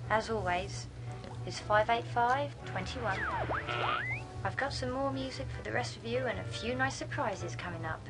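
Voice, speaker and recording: A cheerful late-night radio DJ voiced by a woman chats warmly to her listeners in easy, friendly patter. Music plays clearly under her voice, as in a game's radio broadcast. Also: mid-range voice, natural voice, poor audio. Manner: chatty, friendly on-air patter. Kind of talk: radio play acting.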